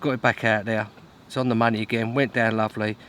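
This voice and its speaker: A man's voice: lowish voice, little pitch movement, fast talker, fairly bright tone, a little hiss or hum. A man talking to camera while fishing outdoors, chatty and self-mocking, with grumbling asides. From Britain. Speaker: fishing vlogger. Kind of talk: casual vlog to camera. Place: outdoors at a lake in wind and rain.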